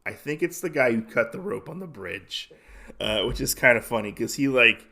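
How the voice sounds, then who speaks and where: A podcast host retells a comic in a loose, rambling style. His voice is mid-pitched with a gravelly edge. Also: expressive, normal speed, pushed and bright. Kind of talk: casual comic recap.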